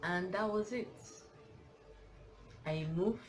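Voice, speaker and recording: A woman's voice: medium pitch, takes it slowly. Nigerian woman rambling through a story. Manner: rambling, self-correcting storytelling. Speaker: vlogger. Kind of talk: storytime vlog. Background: music.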